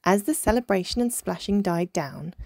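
A woman reading a children's picture book aloud in an expressive, measured way. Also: medium pitch, gravelly, no echo, studio quality. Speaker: storyteller.

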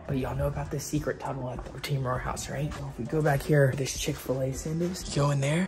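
A young man vlogging in a panicky, breathless way, often dropping to a hushed whisper. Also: mid-range voice, level tone, brisk, few pauses. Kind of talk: staged prank vlog. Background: background music.

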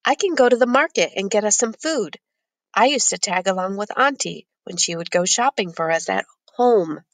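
A woman's voice: medium pitch, expressive, normal speed, no room sound, natural voice. A woman voicing a small, sick, stubborn boy who speaks in a pleading, insistent way in an audiobook. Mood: eager. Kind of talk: audiobook character voice.

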